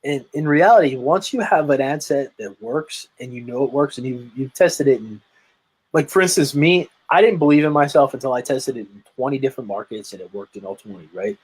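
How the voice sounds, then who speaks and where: Husky, energetic man on a call. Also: mid-range voice, a little fast, poor audio. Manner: energetic, emphatic storytelling with many restarts. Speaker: guest, lead generation marketer. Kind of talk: casual interview chat.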